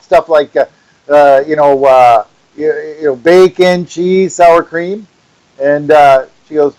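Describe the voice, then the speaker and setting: Middle-aged Wisconsin man, high-pitched co-host, animated rambling storyteller. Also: moderate pace, poor audio. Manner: rambling, animated, acts out voices in his story. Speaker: podcast co-host. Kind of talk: casual ranting chat.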